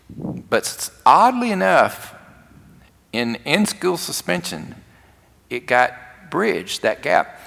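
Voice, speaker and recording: A man's voice: mid-range voice, gravelly, a bit bright. Man, sermon, storytelling, long hall reverb. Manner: storytelling, acts out quoted lines. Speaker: pastor.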